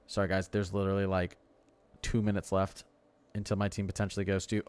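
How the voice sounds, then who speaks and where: A young man hosting a live weather stream, chatting casually and excitably, with lots of "like" fillers. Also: on the low side, brisk, clear, resonant tone. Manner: chatty, excitable, heavy use of "like". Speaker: weather livestream host.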